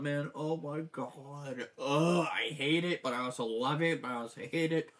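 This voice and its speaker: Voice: medium pitch, moderate pace, few pauses, fairly bright tone. A fan commentator in a rambling, casual show breakdown who swears often and gets teary.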